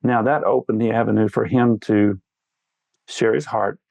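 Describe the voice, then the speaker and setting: A man's voice: lowish voice, steady tone, moderate pace, creaky, a little mellow, no echo. A middle-aged man talking earnestly in an interview, telling stories in a fatherly way. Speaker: guest. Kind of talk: candid interview talk.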